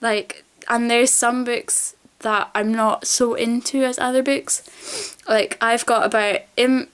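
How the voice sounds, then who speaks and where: A woman vlogger chats straight to camera in a loose, rambling way. She gushes about her favourite things, her voice sits a little on the high side, and she drops the odd swear word. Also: steady tone, slow, clean tone. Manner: chatty, rambling and gushing, with casual swearing. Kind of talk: casual chat to camera.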